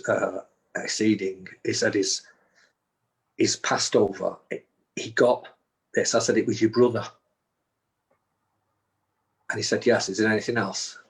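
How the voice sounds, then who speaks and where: A man with a low, husky voice tells a long story as a guest. He stumbles and restarts often, and he acts out each person's words as he goes. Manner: recounts events with repeated restarts and acted-out quotes. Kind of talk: storytelling in conversation.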